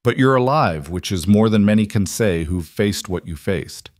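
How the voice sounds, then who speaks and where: A man playing a grave frontier doctor who speaks slowly and deliberately in a storybook. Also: on the low side, lively intonation, no room sound, studio quality, close to an everyday voice.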